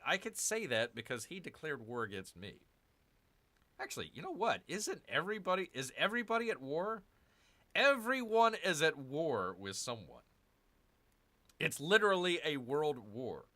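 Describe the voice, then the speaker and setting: A man's voice: on the high side, bright, forceful tone. A man hosting his own gaming channel, chatting casually as he plays a strategy game, rambling and correcting himself with jokey asides to viewers.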